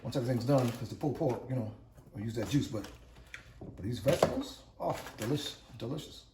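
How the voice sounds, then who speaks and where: A man's voice: mid-range voice, lively intonation. Chatty man cooking outdoors, off-mic. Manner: upbeat, chatty, repeats catchphrases, talks to viewers as "Cooks"; fast-talking. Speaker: home cook and channel host. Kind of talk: casual cooking vlog. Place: outdoors at a pellet grill. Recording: roomy, distant camera audio with clear background noise.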